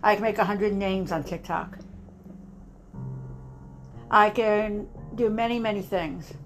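A woman's voice: medium pitch, fairly even intonation, slow pace, faint music behind. A woman delivering an impassioned political monologue, emphatic and rousing, repeating lines for effect and dropping to a grave tone for warnings.

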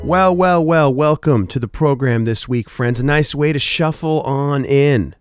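A younger man hosting a country music radio show, chatting in a relaxed, folksy way with filler words. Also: fairly high pitch, measured pace. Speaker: radio host. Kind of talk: casual radio show chat.

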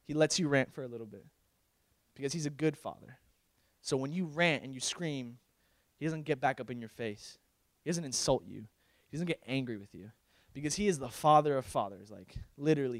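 A young man preaches in a loose, conversational way, dropping slang as he goes. His voice sits a touch high, and he swings from loud pleading to hushed confiding. The sound is close and dry. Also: no room sound. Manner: emotional, shifts from loud pleading to quiet confiding; casual, uses slang like bro. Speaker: pastor. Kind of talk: sermon.

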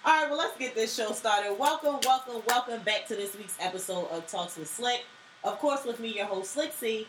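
A woman hosting a podcast in loud, casual banter, laughing and swearing freely. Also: a little high, normal speed. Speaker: podcast host. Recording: echoey room with noise.

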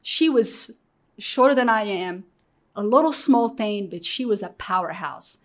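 As an interview guest, a middle-aged woman from Morocco recounts her personal story with candour, speaking at medium pitch and a measured pace. She stays animated, mimics the voices of people she quotes, and leans on fillers like "you know."

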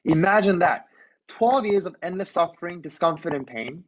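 A man's voice: high-pitched, animated, moderate pace, dull audio. A man preaching a conversational sermon. He tells a Bible story and often asks his listeners to imagine the scene.

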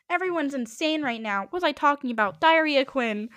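Woman podcast host, higher voice, dry close sound, rambling and chatty with lots of fillers. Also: expressive, a little fast, a bit bright, no echo. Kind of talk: casual rambling podcast monologue.

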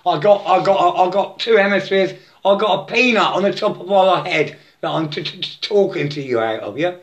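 A man giving a halting, repetitive spiritual monologue, breaking into chanted mantras and laughing to himself. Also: sits high, lively intonation.

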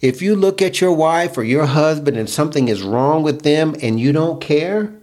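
A man's voice: fairly high pitch, expressive, normal speed, darkish tone. A man who co-hosts a podcast as a relationship coach, speaking emphatically and preaching in lists of examples. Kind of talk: casual podcast conversation.

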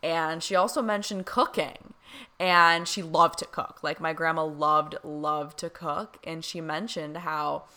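A woman's voice: deep voice, steady tone, a little slow, bright, forceful tone. A young woman chatting casually to camera, filling her talk with "you know" and "like" and laughing often. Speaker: vlogger recounting a reading. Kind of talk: casual chat.

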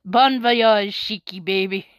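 A woman's voice: medium pitch, slow. A woman hosting a podcast, reading out tweets in casual chat and laughing often in amused disbelief. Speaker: podcast host.

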